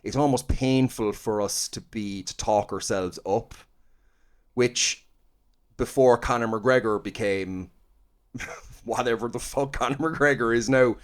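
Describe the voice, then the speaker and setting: An Irish comedian in his mid-thirties, chatting casually as a podcast guest, animated and joking with plenty of swearing. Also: mid-range voice, measured pace. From Ireland. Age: 30s.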